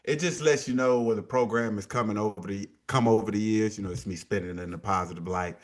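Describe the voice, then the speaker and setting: A man's voice: lowish voice, fast talker. A middle-aged man, a guest on a talk show, chatting casually and acting out quotes as he tells a story. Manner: animated storyteller, acts out quotes. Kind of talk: casual chat.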